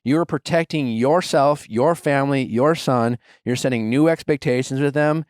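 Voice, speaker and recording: A man's voice: mid-range voice, normal speed, dry recording, studio quality. A man in his thirties hosting an advice podcast, talking bluntly and emphatically and swearing freely. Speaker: podcast host giving advice. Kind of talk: casual advice chat.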